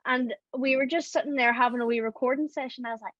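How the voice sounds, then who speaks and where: An Irish woman, a voice actor, telling stories in an animated, rambling way in casual podcast chat. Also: sits high, fast, no room sound, lo-fi sound. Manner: chatty and animated, rambling storytelling. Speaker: audio drama voice actor.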